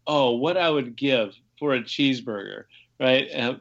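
A man's voice: mid-range voice, moderate pace, vocal fry, fairly bright tone, muffled recording. A man, an ultrarunner from the United States, guesting on a podcast and telling his stories in a rambling, casual way with frequent restarts. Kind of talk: casual conversation.

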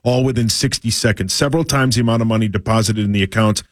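Low-voiced man reading news aloud, wry. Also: quick pace, no echo, clean studio sound. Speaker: radio co-host. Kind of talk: casual studio banter, reading a news item aloud.

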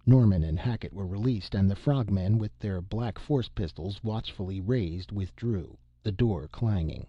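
Deep-voiced male audiobook narrator. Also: measured pace, husky, no echo, muffled recording.

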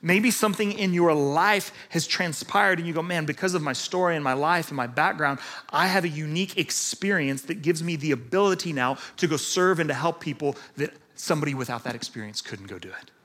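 A man preaching a sermon in a conversational, animated way, acting out the voices of people he quotes. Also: a little high, brisk, few pauses. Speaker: pastor.

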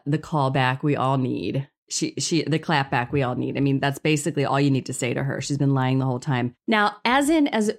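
Low-pitched female host, sarcastic and exasperated, casual podcast chat. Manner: sarcastic, exasperated, jumps into high mock outrage.

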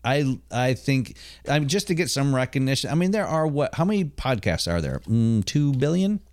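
A man's voice: mid-range voice, very animated, darkish tone, no room sound, clean studio sound. Upbeat jokey male podcast co-host. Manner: upbeat, jokey, quick to laugh. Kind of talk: casual podcast chat.

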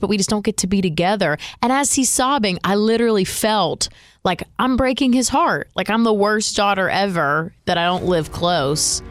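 A woman co-hosting a radio show podcast, chatting casually, chatty and self-deprecating. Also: mid-range voice. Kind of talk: casual chat.

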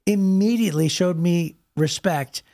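An Ohio pastor who co-hosts a podcast tells stories in a casual chat, restarting often and repeating words. His voice is high and mellow, and he speaks at a measured pace.

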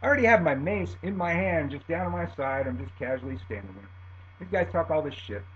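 A middle-aged man telling a profane personal story in an animated way, swinging between loud and muttered lines. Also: a little high, fairly quick. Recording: dull lo-fi recording with faint hum.

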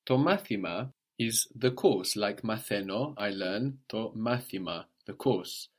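A man's voice: lowish voice, lively intonation, a little slow. A man teaching a language lesson, explaining points patiently and modeling phrases for a student to repeat.

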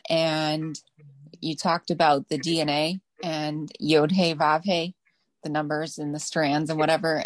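Low-voiced woman sharing eagerly. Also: no echo. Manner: chatty, eager storytelling. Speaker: student. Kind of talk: casual class sharing.

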